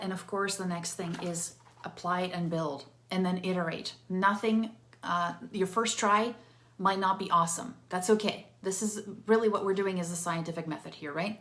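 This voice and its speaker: Woman coach, lively casual delivery, mid-pitch, leans on "right?" checks. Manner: animated, chatty, with restarts and rhetorical "right?". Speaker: interactive storytelling coach. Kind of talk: casual teaching talk to viewers.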